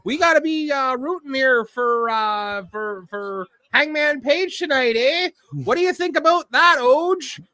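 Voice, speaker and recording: A man's voice: very high voice, pushed and bright, dry recording, voice pushed up, exaggerated voice. A man voicing a folksy, rambling middle-aged woman, drawing out words with lots of "uh" and "eh". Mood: chirpy. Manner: hesitant, drawn-out, full of "uh" and "eh".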